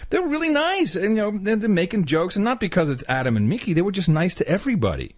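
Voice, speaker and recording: A man's voice: high-pitched, sing-song, fast, dry recording. A man co-hosting a podcast, telling a travel story casually and acting out the people he quotes in mocking voices. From Netherlands. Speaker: podcast co-host.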